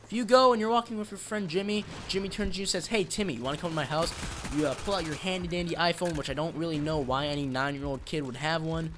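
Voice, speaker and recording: Brief: male vlogger, slightly high voice, rambling dark-joke delivery, noisy track with clicks and gunfire. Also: fairly even intonation, fast talker, few pauses. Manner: rambling, dark-joking, self-interrupting. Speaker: channel host. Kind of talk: joking rambling vlog.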